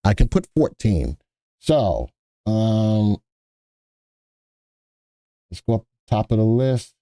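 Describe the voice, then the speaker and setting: A man's voice: lowish voice, big pitch swings, slow pace, vocal fry, mellow, no room sound, clean studio sound. A man hosting a live stock market stream, chatting casually and thinking aloud as he works, often repeating himself.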